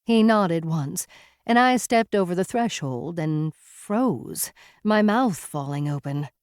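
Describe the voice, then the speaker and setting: A woman reads a first-person story aloud with a wry, casual edge. Her voice sits on the low side, and the sound is close and dry with no room around it. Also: lively intonation, slow, no room sound. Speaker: audiobook narrator. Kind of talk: first-person novel narration.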